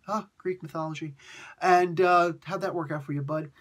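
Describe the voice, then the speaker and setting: Man, comic review host, casual chat, animated, husky, higher voice. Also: moderate pace. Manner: animated, chatty, jokey asides.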